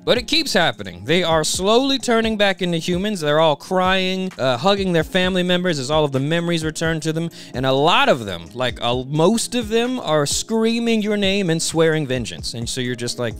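A man's voice: a little high, sing-song, normal speed, few pauses, fairly bright tone, faint music behind. Chatty, sarcastic male comedy narrator. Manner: chatty, sarcastic, lots of "okay?" asides. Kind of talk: comedic second-person recap narration.

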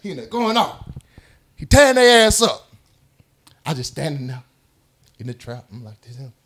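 Telling a story casually among friends, this podcast guest laughs and gets animated, performing quotes, voices and sound effects. He has a fairly high voice and talks at normal speed.

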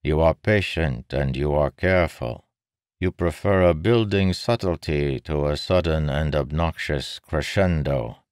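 A sly male king who needles and persuades without ever raising his voice, as a man puts him on. The voice sits very deep and moves unhurried. It sounds like a storybook reading in a dry, close space. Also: no room sound. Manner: smooth, needling, calmly persuasive. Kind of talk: audiobook character voice.

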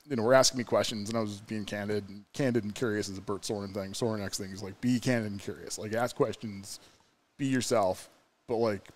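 A man from New York State, a podcast guest, telling stories in casual chat, rambling with lots of fillers. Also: on the low side.

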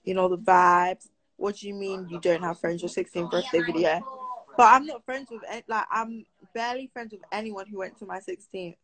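A woman's voice: mid-range voice, steady tone, fairly quick, poor audio. A teenage girl from Britain, chatting casually on a live stream and answering viewer comments aloud.

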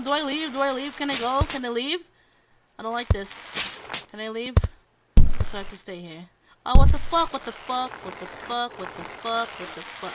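Young woman gaming at home, high voice, shrieky and sweary, loud clicking all through. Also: heavy background noise. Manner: excitable, swears a lot, shrieks when startled. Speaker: gamer. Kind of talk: let's play commentary.

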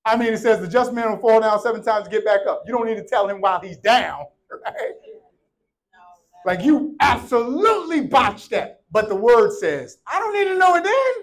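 A man in his thirties preaching a sermon, joking with the congregation and swinging from shouts to hushed, quiet lines. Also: sits high, low-quality recording.

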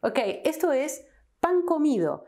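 A woman's voice: high voice, sing-song, moderate pace, warm tone. A woman with an Argentine accent, a Spanish teacher explaining grammar patiently at a whiteboard, checking in often with the class. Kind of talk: whiteboard language lesson.

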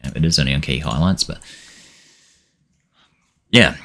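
Man, deep voice, gaming commentary, heated, sweary rants. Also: moderate pace, gravelly. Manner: frustrated, swearing, shouting at his players. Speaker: gaming channel host. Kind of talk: let's-play commentary.

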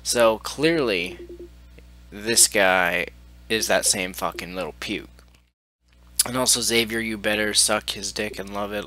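A man's voice: fairly low pitch, bright, forceful tone. A man hosting a gaming video, reading messages aloud and ranting about them in a profane, exasperated tone. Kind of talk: angry commentary reading out messages.

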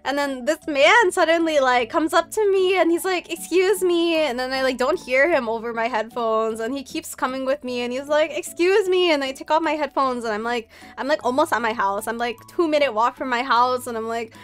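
A woman's voice: high-pitched, fairly quick, hardly any pauses, a bit bright, soft background music. A young woman streaming from home, telling a story in a casual chat, rambling with many fillers and laughing often.

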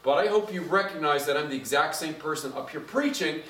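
A middle-aged male pastor delivers a conversational, animated sermon, his fairly high voice rising in volume as he preaches. He stands some way from the microphone, and the church around him rings with echo. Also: fairly quick, a little hiss or hum. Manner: conversational, animated, gets louder when preaching. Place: church sanctuary. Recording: echoey church from a distance.

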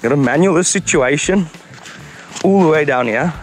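A man's voice: on the high side, animated, moderate pace, over music, natural voice. A man putting on a South African Afrikaans accent to play a bossy trail guide on an outdoor mountain ridge, who keeps checking with "okay". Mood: instructing. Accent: put-on South African Afrikaans.

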